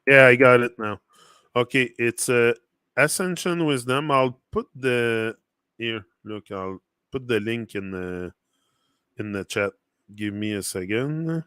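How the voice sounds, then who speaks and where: A man's voice: mid-range voice, takes it slowly, sharp tone, clean tone, no room sound, clean studio sound. A man whose first language is French, speaking English with a French accent, talking loosely and rambling on a casual motivational livestream full of fillers and restarts. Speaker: livestream host.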